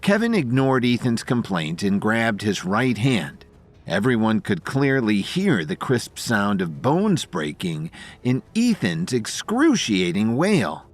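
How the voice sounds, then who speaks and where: A man's voice: fairly low pitch, sing-song, unhurried, faint music behind. A man narrating an audio drama with dramatic storytelling.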